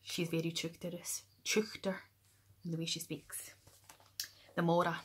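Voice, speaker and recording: A woman from near Glasgow with a West of Scotland accent, explaining Scottish slang softly in a playful way, often dropping to a whisper and spelling words out slowly. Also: on the low side, flat delivery, slight background noise. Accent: West of Scotland (Glasgow area). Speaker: YouTuber. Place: room at home with the window open.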